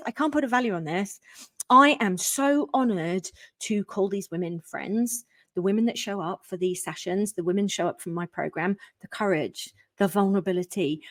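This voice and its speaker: A woman, a parenting coach, pitching her program with effusive enthusiasm and sudden emphatic bursts. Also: no echo.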